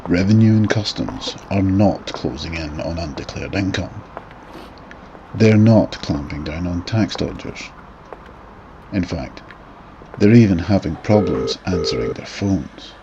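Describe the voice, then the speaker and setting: A very low-voiced announcer , put on by a man, reads a spoof advert in a mock-official, sarcastic tone. The recording is dull and lo-fi, with a faint hiss of noise behind. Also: sing-song, a little slow, heavily acted. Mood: mock-serious.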